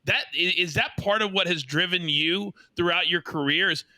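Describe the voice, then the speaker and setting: A man's voice: sits high, moderate pace, sharp tone, no echo. A man hosting a casual interview, asking long, enthusiastic questions. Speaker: podcast host.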